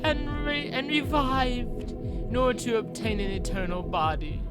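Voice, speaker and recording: High pompous villain, theatrical, a woman putting it on, slow, music underneath. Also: lightly acted. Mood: boastful. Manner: boastful, theatrical, stumbling over words. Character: ancient grandiose male villain, self-proclaimed god. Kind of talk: reading game dialogue aloud in a put-on voice. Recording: game music playing behind.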